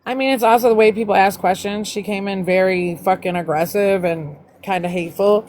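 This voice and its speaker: Woman, casual livestream chat, blunt, profane, quick, medium pitch. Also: fairly even intonation, a little mellow, slight background noise. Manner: blunt, swears a lot, fast talking. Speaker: livestream co-host.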